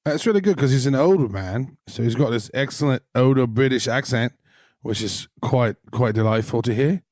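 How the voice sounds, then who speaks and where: A man's voice: medium pitch, moderate pace, a little mellow, dry recording, clean studio sound. A man co-hosting a podcast, cracking playful jokes in casual banter. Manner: playful wisecracking. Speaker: podcast co-host.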